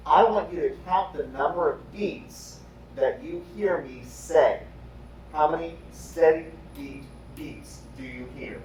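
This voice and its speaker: Music teacher guy, slow and patient, kinda highish voice, echoey room far from the camera. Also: darkish tone, a little hiss or hum. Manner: slow, patient call-and-response instruction. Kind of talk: remote music lesson. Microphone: camera set away from him.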